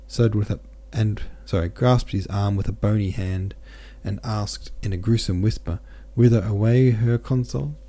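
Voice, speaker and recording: Low, dark-voiced male narrator. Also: normal speed, few pauses. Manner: steady, with occasional self-corrections. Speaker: podcast host. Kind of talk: audiobook narration.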